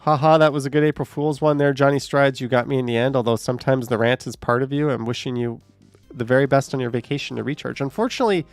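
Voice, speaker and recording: A man's voice: mid-range voice, fast, dry recording, faint music behind. A man hosting a casual livestream, reading out chat comments with joking, sarcastic asides and a bit short of breath.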